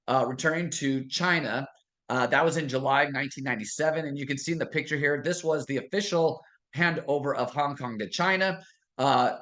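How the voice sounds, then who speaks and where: A man's voice: medium pitch, a bit bright. Casual male history teacher lecturing. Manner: conversational, asks and answers own questions.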